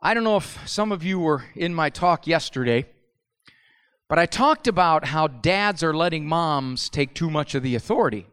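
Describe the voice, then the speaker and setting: A man's voice: a little high, moderate pace, clear, resonant tone. A middle-aged man giving a humorous live talk, telling stories and acting out family members' voices. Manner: animated storyteller, acts out family voices. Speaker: speaker at a parenting talk. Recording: long hall reverb.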